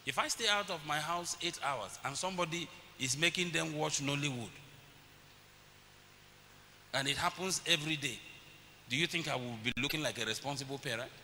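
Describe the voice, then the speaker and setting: With long pauses at a normal speed, a middle-aged pastor preaches in a fairly high, pushed and bright voice. He relates family stories and acts out how his children talk. The church hall adds long reverb, with faint hiss on the recording.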